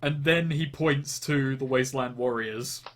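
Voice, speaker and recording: A man's voice: mid-range voice, unhurried, a bit bright. A man running a tabletop game as game master, describing scenes in a loose, rambling way and often restarting his phrases.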